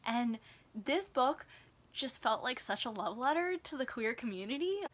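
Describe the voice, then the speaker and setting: Bright, gushing woman book vlogger. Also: fairly high pitch, moderate pace. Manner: gushing, excitable, chatty. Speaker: book reviewer. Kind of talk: casual vlog review.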